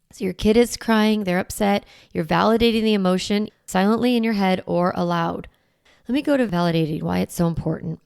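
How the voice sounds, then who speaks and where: A woman's voice: lowish voice, vocal fry, darkish tone, dry recording, studio quality. A woman podcast host coaching parents in a direct, practical way, sometimes acting out the firm lines a parent might say. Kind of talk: podcast advice talk.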